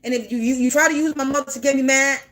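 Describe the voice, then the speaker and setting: A woman in her forties with a high voice talks straight to camera in an unscripted monologue. Her tone is sharp and forceful. She swears bluntly and keeps repeating her points. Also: steady tone, fast. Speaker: spiritual content creator.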